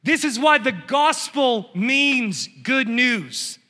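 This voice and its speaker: A man preaching a fervent sermon, building up to shouts and calling out to the congregation. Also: extremely high pitch, animated, takes it slowly, long reverb tail.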